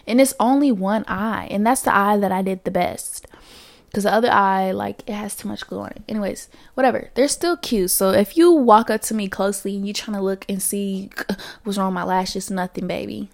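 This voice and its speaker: A young woman hosting a casual solo podcast, chatty and candid, full of slang, dropping to whispered asides and then rising to loud bursts. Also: mid-range voice, normal speed, vocal fry. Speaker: podcast host.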